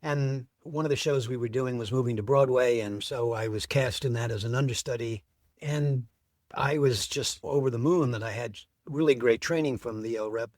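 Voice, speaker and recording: A man's voice: mid-range voice, normal speed, darkish tone, no room sound. Man, middle-aged, interview guest, enthusiastic storyteller, dry close sound.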